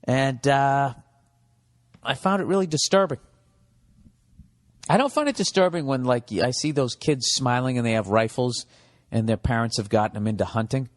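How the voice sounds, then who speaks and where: A man's voice: medium pitch, normal speed, long pauses, long reverb tail. Man ranting profanely on a podcast. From United States. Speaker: comedian and podcast host. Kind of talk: comedic podcast monologue.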